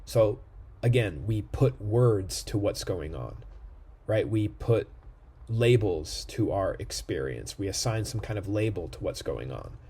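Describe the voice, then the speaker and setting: A man's voice: on the low side, expressive, unhurried, warm tone, husky. A man giving a recorded lecture, explaining step by step and checking in with "right?" often. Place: indoor room near a street.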